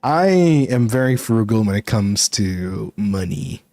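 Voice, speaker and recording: A man's voice: fairly low pitch, a little slow, gravelly, a little mellow, no room sound. A male VTuber chatting casually with his viewers, rambling and laughing often. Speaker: VTuber streamer.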